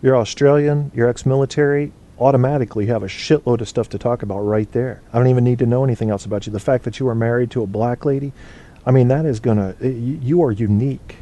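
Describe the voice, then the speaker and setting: Male host, casual live chat show, mellow warm tone, rambling and profane. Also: medium pitch, fast talker. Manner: rambling and profane, thinking aloud. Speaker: internet radio host.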